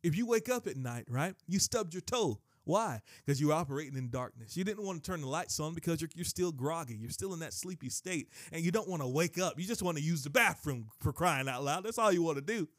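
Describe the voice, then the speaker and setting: A man's voice: a little high, animated, brisk, few pauses, dry recording, clean studio sound. A man preaching a sermon with emphatic delivery, often repeating and restarting his phrases. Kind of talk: sermon teaching.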